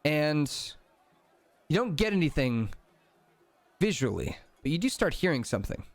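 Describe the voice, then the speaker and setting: A man's voice: a little high, big pitch swings, normal speed, dry recording. Rambling game master man, dry sound. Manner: casual, rambling, filler-heavy. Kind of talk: narrating a tabletop game.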